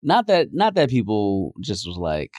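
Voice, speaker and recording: A man from Chicago co-hosting a food podcast, joking around with animated, quick reactions. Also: lowish voice, no room sound, clean studio sound. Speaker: podcast co-host. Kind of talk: casual chat.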